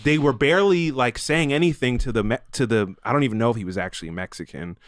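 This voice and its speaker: A man's voice: medium pitch, fast talker, no echo, clean studio sound. A man co-hosting a casual comedy talk show, telling stories and acting out the voices of strangers he met. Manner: animated storyteller, acts out voices of strangers. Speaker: podcast co-host.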